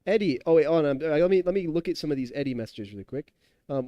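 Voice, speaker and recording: A man's voice: mid-range voice, fairly even intonation, normal speed, dark tone, clear, resonant tone, dry recording, studio quality. A tipsy young man in his twenties streaming a game, rambling and chatty, laughing and talking to his chat. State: tipsy from drinking. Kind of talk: casual live-stream chat while gaming.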